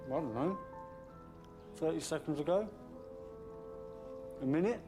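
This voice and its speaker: A man's voice: on the high side, lively intonation, unhurried, over music. An actor playing an unsure male radio station assistant who gives hesitant replies.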